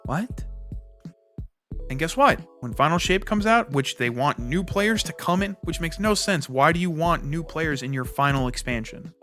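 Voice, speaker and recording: A man ranting in a casual gaming commentary, animated and acting out quick bits of dialogue. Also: a little high. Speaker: gaming YouTuber.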